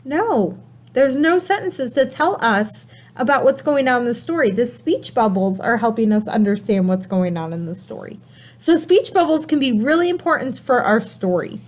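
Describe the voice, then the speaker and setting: A slightly high-voiced woman teaching a recorded writing lesson to young children. She speaks slowly and in an animated, sing-song way, often asking questions of her class. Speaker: kindergarten teacher.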